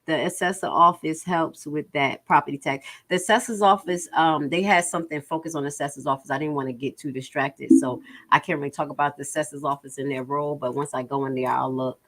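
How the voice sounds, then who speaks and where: Talking fast with few pauses, a livestream host with a low, steady, slightly bright voice bluntly goes over budget numbers. She sounds exasperated and reads viewer comments out loud during the casual stream.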